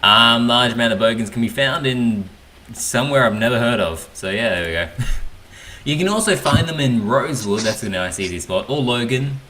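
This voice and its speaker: An Australian man hosting a casual podcast chat, laid-back and trailing off quietly at times. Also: mid-range voice, expressive, normal speed, slight background noise.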